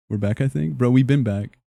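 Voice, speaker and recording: A man's voice: medium pitch, gravelly, dark tone, no room sound, studio quality. A young man streaming live, chatting casually and joking as he reacts to his chat in a rambling way.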